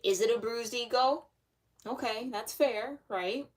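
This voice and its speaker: A woman's voice: on the high side, measured pace. Chatty woman reading tarot. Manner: chatty, filler-heavy, loose and conversational. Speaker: tarot reader. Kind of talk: casual tarot reading monologue.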